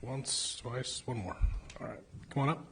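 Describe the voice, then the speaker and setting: A man's voice: medium pitch, unhurried, a bit bright, a little hiss or hum. A man chairing a city council meeting, calling for and closing public comment in brief, procedural phrases.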